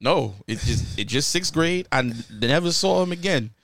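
A young man from New York on a podcast, chatting casually and telling animated stories in which he acts out what others said. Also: on the high side, normal speed, vocal fry, dry recording. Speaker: podcast co-host. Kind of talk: casual chat.

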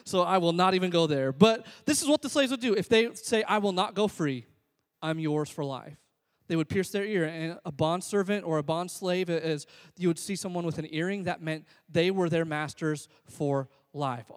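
A man's voice: a little high, normal speed, long reverb tail. A man preaching a sermon in an earnest, conversational, self-deprecating way. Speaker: pastor.

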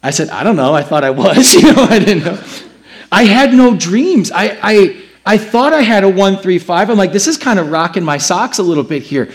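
A man's voice: high voice, lively intonation, moderate pace. A man in his thirties, a pastor preaching a sermon and acting out his own past answers as he tells the story.

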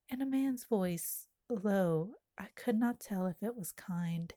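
Mellow woman reading a poem intimately. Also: mid-range voice, expressive, dry recording, clean studio sound. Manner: slow, lyrical, intimate delivery. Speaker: poet. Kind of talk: poetry reading.

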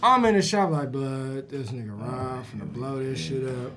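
A man who works as a barber, telling a story in an animated way, acting out the voices with lots of slang. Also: mid-range voice, moderate pace, a little hiss or hum. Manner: acts out every voice in his stories, slangy.

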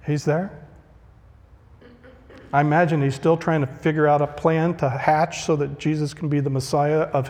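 A man's voice: on the high side, a little mellow. A man preaching a conversational sermon, acting out the voices he quotes. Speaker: pastor. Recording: long reverb of a large hall.

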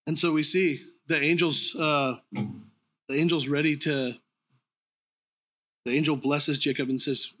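A man preaches in a loose, conversational way, stumbling and restarting as he thinks aloud. His voice sits a little high for a man and has a bright, forward edge. Now and then he pauses to clear his throat. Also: steady tone. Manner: informal, conversational preaching with frequent ums and restarts. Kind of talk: sermon.

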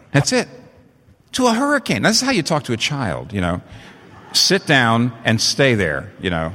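A man preaching a sermon, animated and leaping up in pitch to stress his points. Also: fairly quick. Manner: animated, rising in pitch for emphasis. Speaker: pastor. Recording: long hall reverb.

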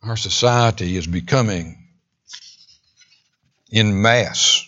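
A male preacher delivering a sermon, his voice bright and forceful at a middling pitch. He pushes phrases up into raised declamation, then sinks to an almost whispered hush. The recording is dull and lo-fi. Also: normal speed, long pauses. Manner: emphatic, swinging between raised declamation and hushed near-whisper.

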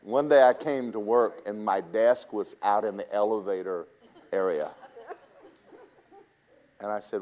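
A man's voice: fairly low pitch, a little slow, pauses often, a little mellow. A man preaching a sermon, telling personal stories in a folksy, teasing way and talking straight to the congregation.

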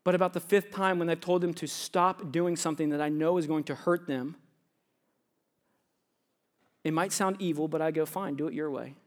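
A youth pastor in his thirties, serving students and young adults, preaches conversationally, telling stories and acting out little scenes. His voice is fairly high and steady at a moderate pace with frequent pauses, often dropping to a hushed tone during anecdotes.

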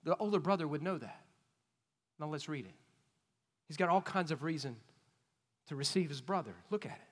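A man preaching an expository sermon, emphatic and questioning, swinging between loud points and hushed asides. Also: on the high side, expressive, moderate pace, long pauses. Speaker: pastor. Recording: long reverb of a large hall.

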